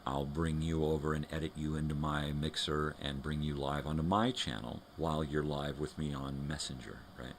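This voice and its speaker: Very deep-voiced man in casual home chat. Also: level tone, fairly quick, hardly any pauses, a little hiss or hum. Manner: loose and chatty, talks to his dogs between thoughts. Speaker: host of a live morning show. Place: at home with his dogs.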